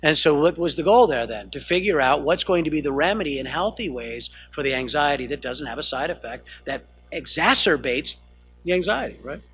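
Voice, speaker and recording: A man's voice: a little high, expressive, brisk, fairly bright tone, slightly rough. An American man, a counselor, teaching a family training session in a conversational lecture style, often checking in with "right?" and correcting himself mid-sentence. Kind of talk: lecture to a live audience.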